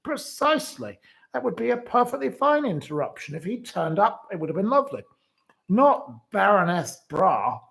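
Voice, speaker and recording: A man's voice: high voice, very animated, moderate pace, creaky, fairly bright tone. A man hosting solo commentary on the news. He reads out quotes, rebuts them and heaps indignant, scornful insults on their author. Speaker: host.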